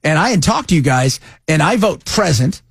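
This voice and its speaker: Animated, joking talk radio host man. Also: fairly high pitch, normal speed, gravelly, husky, no room sound, clean studio sound. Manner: animated, jokey, loose asides. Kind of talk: casual talk radio banter.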